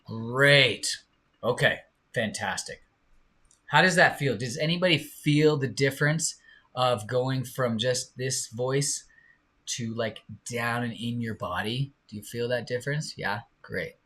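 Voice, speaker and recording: A man's voice: mid-range voice, sharp tone. A man teaching a live online singing lesson, encouraging his students and showing them by singing. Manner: encouraging, slow and drawn-out, demonstrates by singing.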